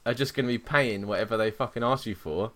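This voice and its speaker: A man co-hosting a podcast, telling a story in a sweary, animated way and mocking the people he quotes. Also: medium pitch, quick pace. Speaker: podcast co-host. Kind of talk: casual chat.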